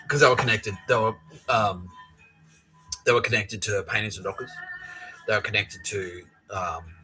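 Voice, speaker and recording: A man's voice: low voice, rough recording. A man hosting a podcast in a rambling, profane comic monologue full of fillers. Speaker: podcast host.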